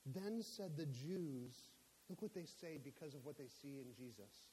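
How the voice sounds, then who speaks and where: A man preaching a sermon in a church, emphatic and climbing to near-shouts on his key points. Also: on the high side, animated, a little slow. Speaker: pastor. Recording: echoey hall with faint hiss.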